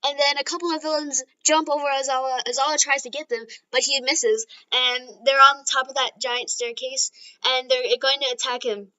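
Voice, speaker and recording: A woman's voice: high voice, steady tone, moderate pace, sharp tone, smooth. A woman casually retelling a fan-made story, rambling with lots of fillers, in a lo-fi recording. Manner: rambling, giggly, filler-heavy.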